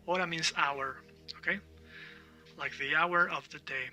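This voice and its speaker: A man's voice: on the high side, fairly even intonation, measured pace, pushed and bright, distant mic, faint music behind. A man teaching a language lesson, explaining patiently, repeating words for drills and often checking in with "all right?".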